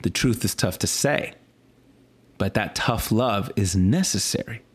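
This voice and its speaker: A man, a pastor, talking through his sermon in a casual, animated way, often restarting and stuttering, swinging between high exclaims and low earnest lines. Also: measured pace, slightly rough. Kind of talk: casual sermon follow-up talk.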